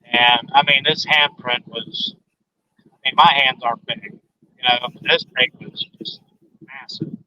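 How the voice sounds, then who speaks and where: A man's voice: medium pitch, fairly even intonation, unhurried, sharp tone, slight background noise. A man telling a story as a guest in a phone interview, earnestly retelling each exchange with many "I said" and "he said" remarks. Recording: dull lo-fi phone line.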